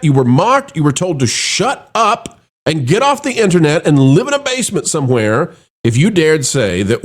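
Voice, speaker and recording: A middle-aged man hosting an opinionated commentary show, talking in a sarcastic, mocking way. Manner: dramatic swings between high and low voice.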